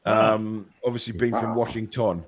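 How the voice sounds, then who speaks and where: A man's voice: on the low side, little pitch movement, normal speed. A man hosting a casual online chat show, rambling and joking as he reads out viewer comments. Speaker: show host.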